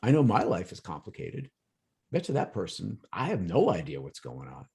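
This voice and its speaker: A man with a gravelly, slightly husky voice leads a workshop over a video call. His pitch rises and falls a lot as he talks through examples. He slips into quick little imitations of other people along the way. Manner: lively, acts out examples in quoted voices. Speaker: workshop presenter on emotional intelligence. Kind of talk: conversational workshop talk.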